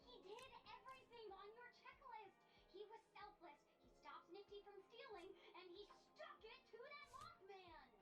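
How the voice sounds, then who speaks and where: A woman voicing a hopeful young woman in a cartoon, pleading her case in a bright, sing-song way. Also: very high voice, expressive, moderate pace, few pauses, far from the mic. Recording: roomy cartoon clip over loud music.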